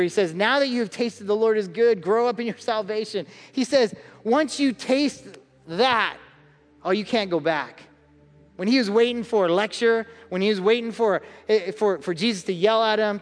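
A male pastor with a high-pitched voice delivers a conversational sermon to his congregation, acting out the voices he quotes. The audio has a big-room sound.

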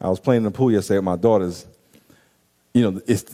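A man preaching a sermon, animated and acting out scenes and quoted voices for the congregation. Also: sits low, moderate pace. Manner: animated, acts out stories and quotes. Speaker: pastor.

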